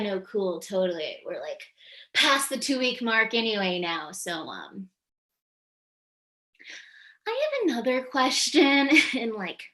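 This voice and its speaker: A woman's voice: a little high, bright, forceful tone. A woman doing a jittery young woman rambling. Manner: nervous, rambling, full of fillers. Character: nervous young woman rambling to a new date. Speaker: comic monologue performer. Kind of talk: scripted comic monologue. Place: home. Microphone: video call.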